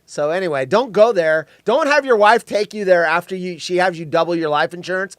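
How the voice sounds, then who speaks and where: Man, high voice, animated storyteller, casual podcast co-host, dry close sound. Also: fairly quick, hardly any pauses, no echo. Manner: animated storyteller, reads chat aloud. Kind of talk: casual live-stream chat.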